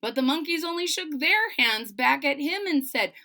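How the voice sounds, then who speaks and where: Bright, expressive woman reading to kids. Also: sits high, normal speed. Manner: expressive and playful, talks to young listeners. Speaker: storybook reader. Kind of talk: children's read-aloud with chatty asides.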